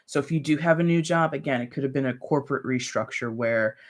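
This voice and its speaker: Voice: medium pitch, fast talker. A tarot reader doing a casual live-stream reading, talking loosely and directly to viewers and peppering sentences with "like" and "you know". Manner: talks straight to viewers with light laughs.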